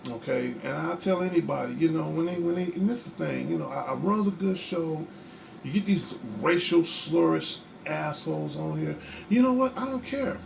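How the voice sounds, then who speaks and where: Chicago-raised male host with a raspy, fry-laced voice, delivering a defiant, profane live rant from his bedroom. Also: fairly high pitch, slight background noise. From Chicago, USA. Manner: angry, defiant, profane, repeats himself. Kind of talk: heated livestream rant.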